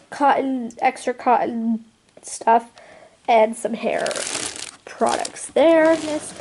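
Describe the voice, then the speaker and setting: A woman beauty vlogger chatting casually at her makeup vanity at home, bubbly and quick to laugh. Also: high-pitched, background noise. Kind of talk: casual product show-and-tell.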